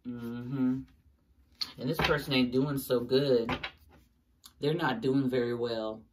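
Her pitch is extremely low, and the distant mic carries a little hiss or hum. This tarot reader talks straight to her audience in a casual, emphatic reading, swearing frequently.

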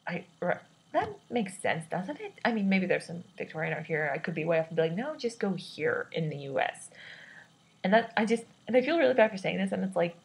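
A young woman in her twenties rambles through a personal vlog, full of false starts and second-guessing. Her voice is slightly low and a little husky. She sounds awkward and self-doubting. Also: sing-song, a little fast, poor audio. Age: 20s. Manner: hesitant, self-doubting, many restarts; self-described awkward and introverted. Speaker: vlogger.

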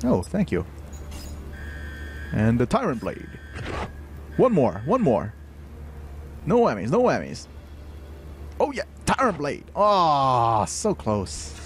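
Slow-talking man streaming a game. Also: a little hiss or hum. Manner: excitable, bursts of high-pitched exclamations; thinks aloud with many fillers. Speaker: livestream host playing a game. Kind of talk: live gameplay commentary.

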